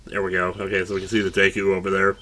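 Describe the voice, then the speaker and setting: A man's voice: low voice, completely flat delivery, racing, noisy background. A man giving casual, jokey gameplay commentary, chatting to the game character as he plays. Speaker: video game let's player. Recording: game music playing under the voice.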